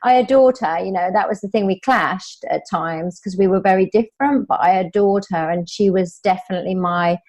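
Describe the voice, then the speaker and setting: Mellow-voiced woman guest speaker. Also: mid-range voice, a little fast, few pauses. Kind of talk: casual interview chat.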